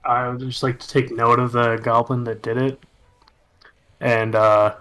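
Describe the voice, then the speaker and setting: A man's voice: medium pitch, flat delivery, measured pace, a bit bright, clear, resonant tone. A man playing in a tabletop game, answering in a matter-of-fact, laid-back way. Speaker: player. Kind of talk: casual tabletop play.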